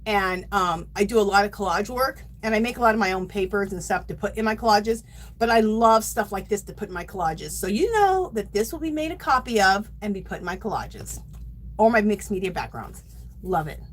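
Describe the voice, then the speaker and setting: A woman's voice: medium pitch, lively intonation, fairly quick, rough recording. A middle-aged woman hosting a yarn craft livestream, gushing and chatting casually to her viewers.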